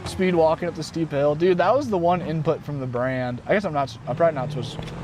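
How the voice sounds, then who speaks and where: A man live-streaming from inside his van, chatting casually with viewers and his dog, excitable and swearing freely. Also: fairly high pitch, quick pace, background noise. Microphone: desk mic.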